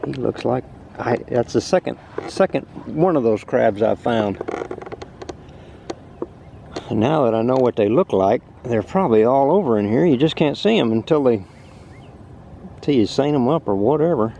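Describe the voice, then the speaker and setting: Gravelly man fishing on a river. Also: mid-range voice, moderate pace, pauses often, a little hiss or hum. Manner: excited, exclaiming and laughing at fish. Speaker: fishing vlogger. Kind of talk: casual outdoor narration while fly fishing. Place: on a river outdoors.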